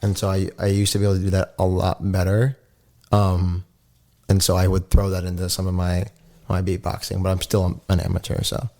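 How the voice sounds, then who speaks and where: A man's voice: low voice, monotone, fairly quick, gravelly, warm tone. A young man, a podcast guest, chatting casually and telling rambling stories full of fillers. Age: young adult. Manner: rambling, filler-heavy storytelling. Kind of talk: casual chat.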